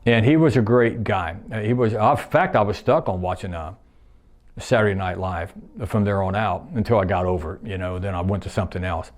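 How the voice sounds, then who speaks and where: A man's voice: deep voice, fairly quick. A man in his sixties, a retired plant worker, reminiscing in a rambling, folksy way, repeating himself and using nonstandard grammar.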